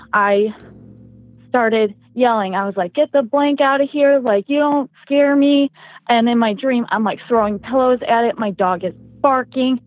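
A woman's voice: medium pitch, no echo. A young woman telling a personal story as a podcast guest, rambling with lots of "like" and "um". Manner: rambling, heavy use of "like" and "um". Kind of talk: casual podcast chat. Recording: tinny phone-like dry sound.

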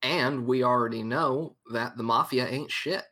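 Deadpan player in a tabletop game, short dry one-liners. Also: medium pitch. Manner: deadpan, quick quips. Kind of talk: tabletop role-play banter.

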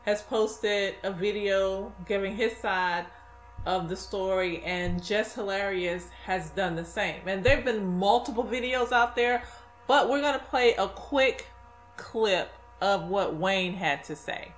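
A woman hosting a chat show, recapping the story at an unhurried pace and hedging her details. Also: medium pitch, fairly even intonation, soft background music. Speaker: show host. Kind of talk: casual chat. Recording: echoey room.

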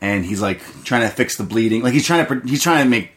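A man's voice: medium pitch, lively intonation, quick pace, a bit bright. A man co-hosting a movie podcast, recapping a film in a rambling, profane, casual way full of fillers.

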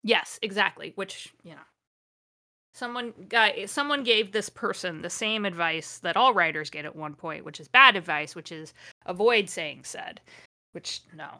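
A woman host reads a fan story aloud for comedy, cutting in with dry, exasperated commentary. Her voice is bright and forward, with a sharp edge. Her tone is sarcastic throughout. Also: lowish voice, a little slow, no echo. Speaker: host, dramatic reader.

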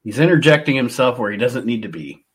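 A man's voice: mid-range voice, animated, fast talker. A man co-hosting a casual podcast, giving emphatic opinions and laughing often. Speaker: podcast co-host.

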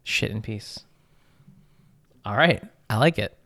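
A man hosting a comedy podcast over a remote call, asking mock-serious questions in a deadpan manner. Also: lowish voice, takes it slowly, no echo, studio quality. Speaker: podcast host.

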